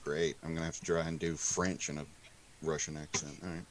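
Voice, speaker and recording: A man's voice: extremely low pitch, little pitch movement, a little fast, slight background noise. A man playing a tabletop game, chatting casually and joking with the game master. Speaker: player.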